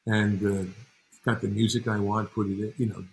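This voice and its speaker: A man's voice: on the low side, little pitch movement, normal speed, vocal fry, a little hiss or hum, rough recording. An older man from New York, a guest in an interview, telling long rambling stories and acting out the people in them. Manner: rambling anecdotes, acts out other people. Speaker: guest, actor and director. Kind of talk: relaxed interview storytelling.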